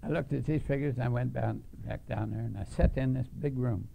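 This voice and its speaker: A man's voice: mid-range voice, a little fast, creaky, mellow. An older man telling his life story to an audience in a blunt, folksy way, chuckling at his own punchlines.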